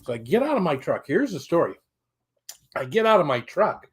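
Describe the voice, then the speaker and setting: A man's voice: a little high, sing-song, brisk, breathy edge. A middle-aged man hosting a casual live stream, telling a story in a rambling, chatty way, swearing now and then, and breaking off to greet viewers. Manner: colorful swearing. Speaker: livestream host.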